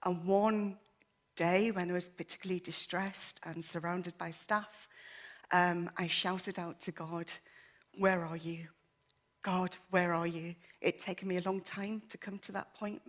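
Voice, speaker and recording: Woman, church testimony, earnest, emotional, shaky voice, lots of ums. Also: on the low side. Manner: earnest, emotional, with many fillers. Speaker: church member giving testimony.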